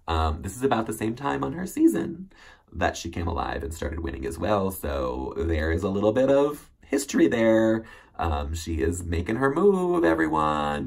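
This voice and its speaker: Gravelly low-voiced man chatting casually. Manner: chatty, rambling, many ums and self-corrections. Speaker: recap host. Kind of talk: casual solo recap chat.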